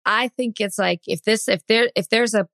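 A woman's voice: fairly high pitch, normal speed, a bit bright, dry recording. A woman co-hosting a podcast, talking in casual chat and laying out her view step by step. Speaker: podcast co-host.

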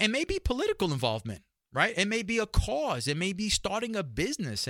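A man with a New York accent hosts his own talk show with punchy energy, repeating phrases for emphasis. His voice is bright and forceful and sits a little above the usual male pitch. The sound is dry and close, with no room behind it. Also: dry recording. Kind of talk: solo podcast monologue.

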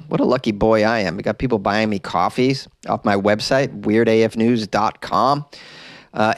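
A man of middle pitch hosts a comic news show from a cramped closet, his voice close and dry with no room sound. He wanders off into joking tangents, then yelps up high when something outrages him. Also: no echo. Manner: rambling, joking asides with sudden high exclamations. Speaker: podcast host and comedian. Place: small closet in an apartment. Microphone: desk mic in closet.

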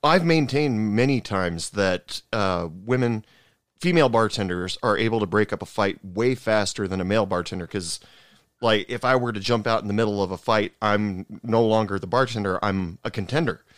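A man hosting a casual chat, trading bar stories in a relaxed, chuckling way. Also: fairly low pitch, normal speed, no room sound, clean studio sound.

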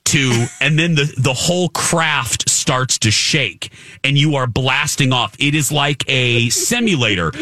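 A man telling an animated story on a talk show, excitable and acting out the voices of the people in it. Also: mid-range voice, a little slow, no room sound. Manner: excitable, acts out voices in his stories.

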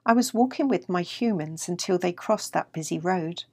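A woman voicing a gentle, timid young male house cat in a read-aloud storybook. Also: on the low side, normal speed, husky, dry recording.

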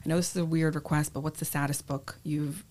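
Woman w a lowish voice telling a story on a podcast, acts out what she was thinking, chatty. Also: fast talker. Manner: lively anecdotal telling, acts out her own thoughts. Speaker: podcast guest, innovation lead. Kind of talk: casual interview storytelling.

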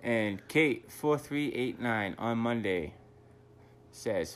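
A man's voice: mid-range voice, lively intonation, slow pace, a little hiss or hum. A man from New England with a Boston accent, co-hosting a podcast in casual, joking, profane chat. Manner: profane, laid-back joking. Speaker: podcast co-host.

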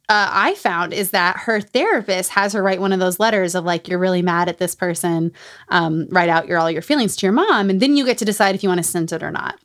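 A woman hosts a casual podcast chat about a book she loves. She talks in an animated way and jumps up in pitch to act out quotes. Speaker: podcast host.

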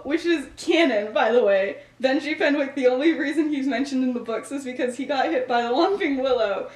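A young woman hosting a podcast retells a story casually, animatedly performing the characters' lines. She speaks at a moderate pace in a fairly high voice, and the room sounds echoey.

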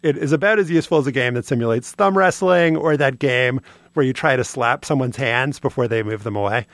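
A man's voice: mid-range voice, brisk, a bit bright, no echo. A man co-hosting a podcast, telling a prepared story in a dry, wry way. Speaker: podcast co-host. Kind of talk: casual chat, reading a prepared segment.

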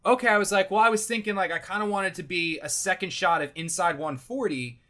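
A man tells a casual story in a bright, somewhat high voice. He rambles and swears freely, piling up "I'm like"s as he gets worked up. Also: fairly quick. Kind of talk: casual anecdote.

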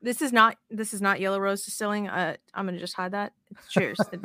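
Bright-voiced excitable woman podcast host. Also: mid-range voice, fairly quick, no room sound. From moved to Texas as an adult. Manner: excitable, rambling, swears. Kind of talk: casual chat.

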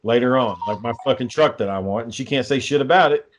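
A young man chats casually and recounts a story with heavy swearing. His delivery is exasperated and ranting, at an ordinary middle pitch. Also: fast, soft background music. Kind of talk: casual chat.

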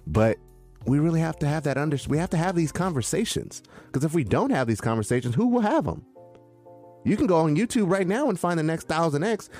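A man co-hosting a crypto chat, preachy and animated. His pitch swings widely as he acts out other people's panicked questions. Faint music plays underneath. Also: brisk. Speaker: crypto podcast co-host. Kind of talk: casual chat.

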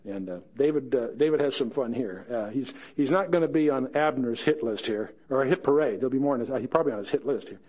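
A man's voice: mid-range voice, fast, hardly any pauses, darkish tone, highs cut off. A man teaching verse by verse through a Bible passage, chatting with joking asides and reading the scripture quotes dramatically.

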